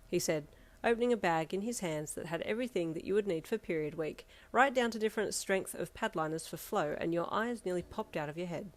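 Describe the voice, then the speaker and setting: A woman reads a second-person fan fiction story aloud. Her delivery is relaxed and conversational, like casual storytelling. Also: on the low side, brisk. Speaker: narrator.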